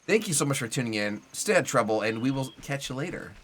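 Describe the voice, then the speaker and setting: A man's voice: mid-range voice, lively intonation, fast, fairly bright tone. A young adult man streaming a video game live, chatting loosely with viewers and rambling with lots of "like" fillers. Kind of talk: casual live gameplay commentary.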